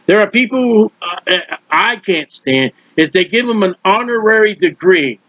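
A man's voice: high-pitched, lively intonation, normal speed, a bit bright, no echo. A male preacher teaching from the Bible in a conversational, emphatic way, repeating words for stress and adding folksy asides. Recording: dull, dry lo-fi recording.

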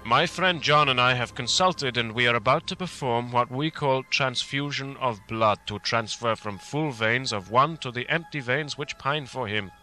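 A man reads a grave, commanding elderly professor from a storybook, steady and measured. His voice rings bright and clear. Faint film music plays under him. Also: mid-range voice. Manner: grave, urgent, measured speech.

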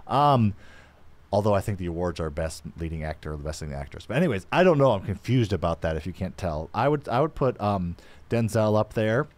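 A man's voice: on the low side, animated, fairly quick. A man co-hosting a live podcast, chatting casually and rambling with many fillers and restarts. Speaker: podcast co-host.

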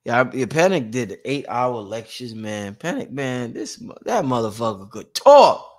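A man's voice: medium pitch, sing-song. Man talking loose on a livestream. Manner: reads out chat shout-outs, swings between loud and hushed; informal, drawn-out, repeats phrases. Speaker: livestream host. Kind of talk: casual livestream talk.

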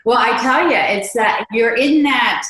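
A woman being interviewed as a podcast guest, telling stories in a lively way and acting out the dialogue she quotes. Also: fairly high pitch, a little slow. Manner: animated, acts out quoted dialogue. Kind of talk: conversational storytelling. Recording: echoey room.

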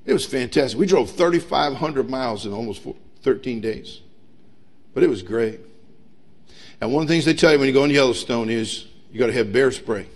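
A middle-aged man preaching a sermon as pastor, emphatic and humorous, swinging between loud pushes and quiet asides. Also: mid-range voice, lively intonation, brisk. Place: church sanctuary.

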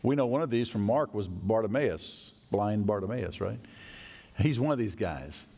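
A male pastor preaching a sermon in a church, animated and acting out the voices of people in the story. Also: on the low side, moderate pace, creaky. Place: church sanctuary. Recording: long church hall reverb.

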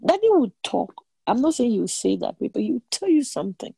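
A woman leading an online prayer meeting, preaching in a motherly, animated way and laughing often. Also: fairly high pitch, fast, creaky, few pauses, husky, no echo. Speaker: prayer leader.

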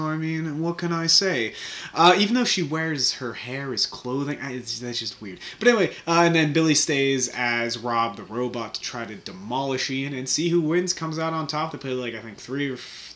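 A man's voice: on the high side, fairly bright tone. A young man hosting a casual weekly recap of his channel's videos, rambling and joking with lots of fillers and restarts. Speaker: channel host recapping the week.

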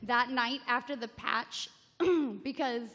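A playful woman co-hosting a live panel, her voice sitting a little high. She jokes and chats casually, and the sound carries a long reverb from a large convention hall. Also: fairly bright tone. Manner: playful, jokey, quick to laugh. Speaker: podcast co-host on a live panel.

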